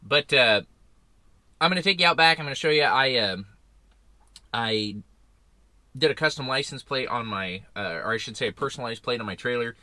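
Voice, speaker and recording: Bright-voiced rambling trucker man. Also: medium pitch, lively intonation, moderate pace, long pauses, no room sound. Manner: rambling, loose and chatty. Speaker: owner-operator truck driver. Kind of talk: casual vlog chat. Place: in and around a parked semi truck.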